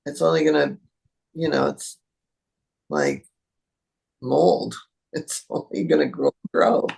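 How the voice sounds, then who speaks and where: A woman guest in an interview, an animal communicator talking in a lively way and acting out what animals think. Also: deep voice, takes it slowly, gravelly. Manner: animated, acts out animal thoughts in voices. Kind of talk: conversational interview.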